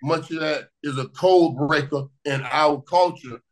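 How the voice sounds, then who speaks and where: Animated storytelling man from Miami. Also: on the high side, unhurried, low-quality recording. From Miami, USA. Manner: lively, repeats words, bursts of laughter. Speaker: guest, former pro football receiver. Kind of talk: animated storytelling in casual conversation.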